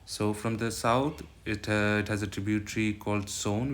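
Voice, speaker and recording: A man's fairly low, fairly even voice moves at normal speed through an exam-prep geography lesson, carrying an Indian English accent. Switching between English and Hindi, he repeatedly checks in with "right?", while loud background noise and clicks intrude.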